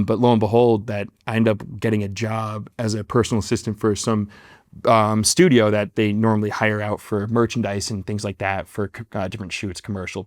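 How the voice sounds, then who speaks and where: A man's voice: lowish voice, no echo, clean studio sound. A man in his twenties, a guest actor, telling a long story in a casual interview, rambling and self-deprecating with many fillers and restarts.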